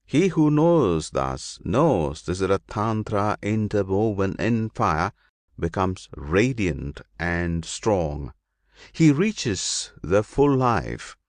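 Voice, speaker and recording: Slow, lively-pitched solemn male reader. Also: no room sound. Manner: deliberate, solemn, with long pauses. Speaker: audiobook narrator. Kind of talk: slow measured scripture reading.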